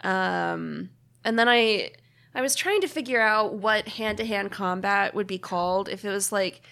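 A woman's voice: mid-range voice, measured pace, creaky, pushed and bright. A woman co-hosting a podcast, chatting casually, joking and reading from her notes. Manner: laughing, joking, reads from notes. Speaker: podcast co-host. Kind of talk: casual chat.

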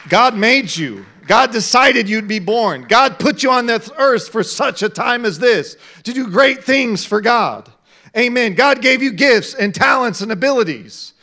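High, bright-voiced preaching pastor. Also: male voice, lively intonation, a little slow. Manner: preaching, swings from quiet to shouting. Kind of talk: sermon.

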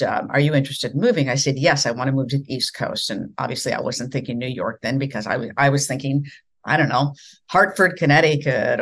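An older woman from the American Midwest, once a news anchor, tells her story in a relaxed, conversational way. She brings it to life by acting out each line of dialogue. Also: extremely low pitch. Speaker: guest, former news anchor.

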